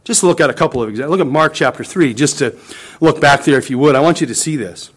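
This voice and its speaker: A man's voice: on the high side, fast talker, husky. A man preaching a sermon to his congregation, emphatic and dramatic as he quotes scripture. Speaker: pastor.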